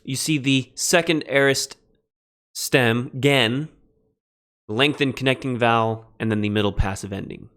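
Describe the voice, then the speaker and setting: A man teaching a beginning Greek lesson on a livestream, relaxed and self-deprecating, spelling words out letter by letter. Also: medium pitch, a little slow. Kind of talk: livestreamed lecture.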